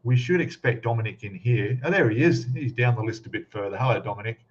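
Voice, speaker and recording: Hosting a laid-back live stream, a fast-talking, animated man with a mid-range voice chats away and welcomes viewers individually by name, all in somewhat dull lo-fi sound.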